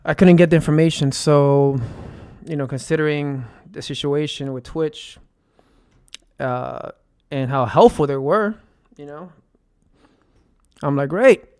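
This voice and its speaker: A New man speaks straight into a close, dead-dry mic in a somewhat high voice. He rambles in an agitated monologue, swearing freely, repeating phrases and filling gaps with ums and uhs. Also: measured pace, pauses often, a little mellow, clean tone, dry recording. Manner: rambling, profane, with frequent fillers and repeated phrases. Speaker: streamer.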